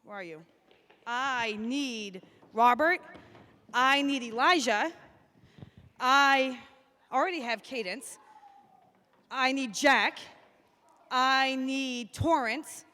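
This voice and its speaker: A woman's voice: high voice, takes it slowly, pauses often, bright, forceful tone. A woman addressing children at a school assembly, upbeat and chatty as she calls out names and classes from the stage. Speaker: school staff member presenting at an assembly.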